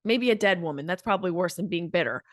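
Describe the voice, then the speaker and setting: A woman's voice: on the low side, lively intonation, fast talker, dry recording, clean studio sound. Brash, swearing woman comedian ranting. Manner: brash, profane, fired-up ranting. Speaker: comedian and podcast host. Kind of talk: comedic podcast monologue.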